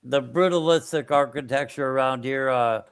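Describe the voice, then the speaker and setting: A man chatting as a guest on a stream, hesitant and halting, dropping dry jokes. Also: medium pitch, smooth. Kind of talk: casual chat.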